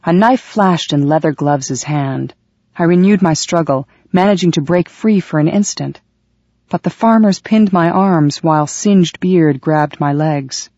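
Male audiobook narrator, steady and dramatic, mid-range voice, dry and slightly muffled. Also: on the high side, a little slow, no echo. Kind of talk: first-person audiobook narration.

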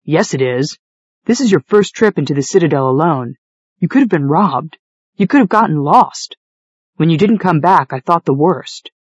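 A woman's voice: low-pitched, expressive, moderate pace, husky, no echo. A woman reading a stern, lecturing young man. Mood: scolding. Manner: demanding, lecturing. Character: stern young man, protective and quick to anger. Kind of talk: audiobook reading. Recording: dull, dry studio read.

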